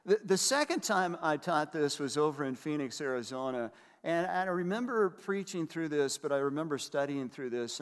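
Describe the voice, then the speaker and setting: An older man preaching a sermon as pastor, emphatic and repeating key phrases for weight. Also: medium pitch. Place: church hall. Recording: reverberant hall.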